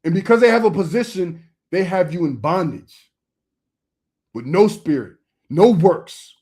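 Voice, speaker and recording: High-voiced, emphatic streetwise man preaching. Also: animated, a little slow, a little mellow. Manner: emphatic, streetwise, repetitive phrasing. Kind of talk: informal preaching to camera.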